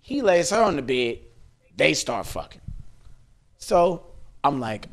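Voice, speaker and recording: A man hosting a podcast, telling a story in casual chat, animated and laughing often as he acts out quotes. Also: fairly high pitch, slow pace. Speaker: podcast host. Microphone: podcast studio mic.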